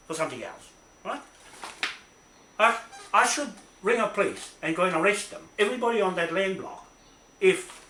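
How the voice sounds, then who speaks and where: A man's voice: high-pitched, pushed and bright. Angry, swearing New man in an echoey room. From New Zealand. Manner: angry, profane, repetitive, keeps asking "right?". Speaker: self-recorded complainant. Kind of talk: ranting self-made video. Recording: echoey room with faint noise.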